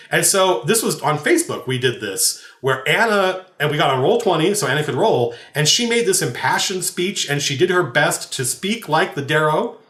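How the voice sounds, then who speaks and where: A man's voice: on the high side, lively intonation, moderate pace, few pauses, a bit bright. A man and game master telling a story from his tabletop game in a rambling, laughing way with many restarts. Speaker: game master and podcast host. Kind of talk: casual anecdotal storytelling. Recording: roomy echo.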